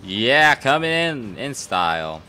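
A man giving let's play commentary, slow and drawn out, his voice leaping up and down as he jokes at the screen. His tone is bright and forceful, and he is sick with a cough. Soft game music plays behind him. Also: mid-range voice, sing-song. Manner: playful, joking, exclaiming at the game. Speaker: video game player.

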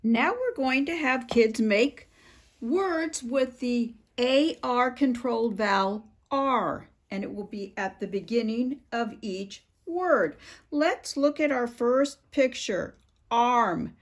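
Woman, phonics teacher, slow and deliberate, stretches out each sound. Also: fairly high pitch, animated. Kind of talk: phonics lesson for parents.

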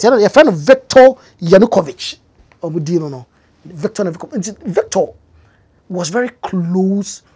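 A woman's voice: fairly low pitch, a little mellow, slightly rough. A woman with a Ghanaian accent giving a casual, explanatory news commentary, with frequent fillers and emphatic rises. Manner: conversational with many fillers, rising emphatic stretches. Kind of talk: explanatory commentary mixing English and Twi.

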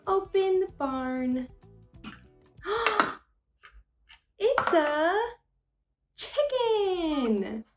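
A woman teaching little children, talking in a sing-song, coaxing way with big gasps and slow, deliberate repetition. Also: high voice, darkish tone. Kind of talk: children's educational talk. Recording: echoey room with faint music.

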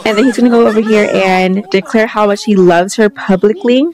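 A woman's voice: mid-range voice, fairly even intonation, brisk, a little mellow. A young woman giving casual, chatty commentary on a life-simulation game, exclaiming often and voicing what the characters think. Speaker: gameplay vlogger.

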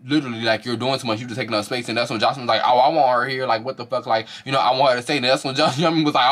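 Fast bright-voiced man ranting about reality TV. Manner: animated, fast slangy talk, acts out quotes in a high voice. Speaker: reality show reviewer. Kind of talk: casual profane commentary.

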